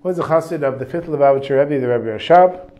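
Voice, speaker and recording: A man teaching a class on a religious text, reading passages and translating them in a relaxed, conversational way. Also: mid-range voice, quick pace, highs cut off. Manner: casual, reads Hebrew passages then translates. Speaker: Torah teacher.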